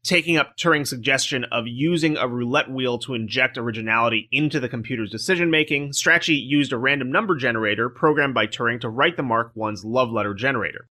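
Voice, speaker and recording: A man's voice: mid-range voice, fast talker, hardly any pauses, bright, forceful tone. A man hosting a podcast, reading a prepared script and breaking off for dry jokes with his co-hosts. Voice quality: programmer speaking. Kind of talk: scripted narration with asides in a podcast chat.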